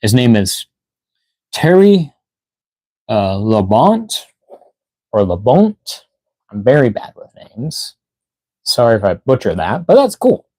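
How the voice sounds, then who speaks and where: A tired man chatting through a toy unboxing live stream. He rambles, trails off and leans on fillers, sounding short of breath at times. His mid-pitched voice sits close to the mic in a dry, dead room. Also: big pitch swings, takes it slowly, long pauses, mellow, no room sound. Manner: rambling, filler-heavy, reads chat aloud. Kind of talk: casual live stream chat.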